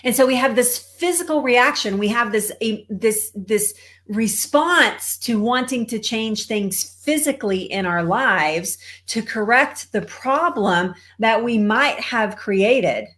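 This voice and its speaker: Speaking slowly in an expressive, fairly bright voice on the high side, a woman from Texas coaches on cancer in a relaxed motivational talk to live viewers. She says hello to them and laughs a lot.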